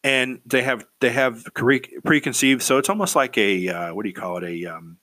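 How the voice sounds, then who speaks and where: A man's voice: mid-range voice, expressive, moderate pace, pushed and bright, dry recording. A man giving casual career advice in a rambling way, repeating words and checking in with "right?".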